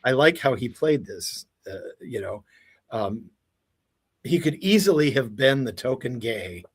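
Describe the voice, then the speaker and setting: A man's voice: mid-range voice, unhurried, husky. A man guesting as an entertainment expert on a video call, talking casually with lots of laughter and swearing. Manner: animated, laughs a lot, swears freely. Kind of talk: casual chat.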